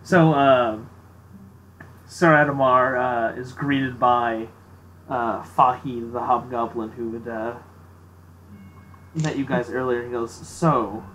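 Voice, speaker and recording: A man's voice: mid-range voice, steady tone, slow pace, long pauses, a bit bright, slight background noise, poor audio. Easygoing man running a tabletop game. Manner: casual, filler-heavy, laughs easily. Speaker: game master.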